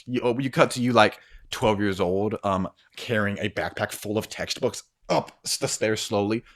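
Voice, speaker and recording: A man's voice: lowish voice, normal speed, a bit bright. A man narrating as game master of a tabletop role-playing game, rambling with many fillers and frequent laughs.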